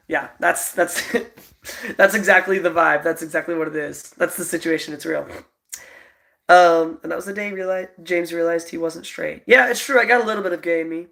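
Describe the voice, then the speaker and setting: Sharp-toned with vocal fry, his voice sits a little high as this twenty-something livestream host talks at a normal speed. He chats aimlessly with viewers, dropping lots of fillers and giggling frequently.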